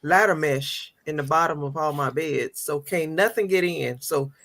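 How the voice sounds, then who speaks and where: A woman telling a garden story in a slow, unhurried way, with frequent pauses. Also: low-pitched, a bit bright. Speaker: panel guest. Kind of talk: casual chat.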